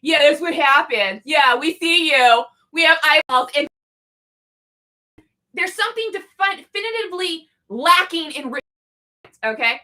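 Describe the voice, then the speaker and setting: A young adult woman co-hosting a podcast, delivering an angry, sarcastic, swear-filled comedic rant with frequent shouting. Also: high voice, lively intonation, unhurried, pauses often. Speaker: podcast co-host.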